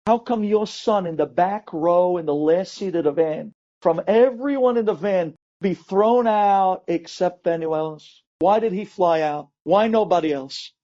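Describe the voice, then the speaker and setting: In a lo-fi recording, a rabbi dramatically relates an inspirational tale, acting out everyone's pleas with wide shifts in pitch and volume.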